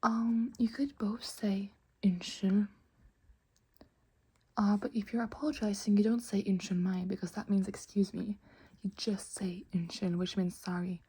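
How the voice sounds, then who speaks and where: A woman whispering a soft ASMR language lesson into a close microphone, patiently repeating each word several times. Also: medium pitch, flat delivery, breathy edge. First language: Norwegian. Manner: soft whispering, patient slow repetition of words. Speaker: language teacher.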